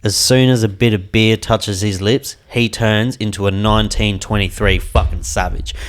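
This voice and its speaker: A man's voice: fairly low pitch, steady tone, normal speed. A young man hosting a podcast, chatting casually with emphatic, swearing banter. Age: young adult. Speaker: podcast host. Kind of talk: casual chat.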